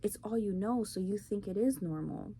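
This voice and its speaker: A woman's voice: medium pitch, normal speed, dark tone. A woman hosting her own show, ranting bluntly and profanely in a casual opinion monologue. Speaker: podcast host. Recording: faint background noise.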